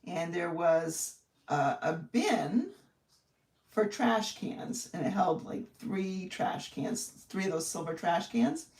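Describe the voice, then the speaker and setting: A woman hosts a live card-making demonstration, chatting in a friendly, rambling way and thinking aloud as she works. Her fairly low, expressive voice is a little mellow and unhurried, recorded from a distance in an echoey room with her voice set back from the mic.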